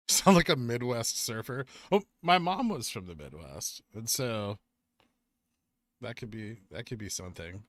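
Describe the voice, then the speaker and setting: Lively chatty Southern Californian man. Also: mid-range voice, unhurried, no echo. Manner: reads chat comments aloud and answers them, chatty, says "like" often. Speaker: streamer reading chat. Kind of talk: casual live-stream chat.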